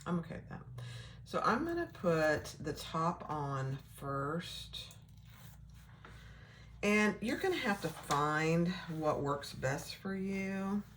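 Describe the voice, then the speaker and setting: Low-voiced woman, slow and chatty. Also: a little hiss or hum. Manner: relaxed, chatty, thinking aloud while working. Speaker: sewing instructor. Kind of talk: casual sewing tutorial.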